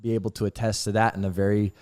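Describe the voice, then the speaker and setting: A man telling personal stories in a casual interview, animated and swearing freely, acting out quotes in a loud voice. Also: fairly low pitch, very fast. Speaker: actor interviewee.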